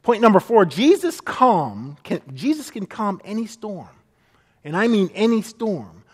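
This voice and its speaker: A man's voice: sits high, big pitch swings, a little slow, husky, long reverb tail. A man preaching a sermon as pastor, earnest, and often acting out the people he quotes.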